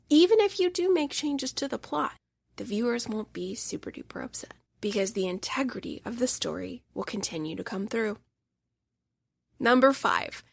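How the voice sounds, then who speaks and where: A woman's voice: fairly high pitch, no room sound, clean studio sound. A woman hosting a podcast, reviewing a film in a gushing, emphatic monologue and now and then dropping into a whisper for emphasis. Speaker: podcast host.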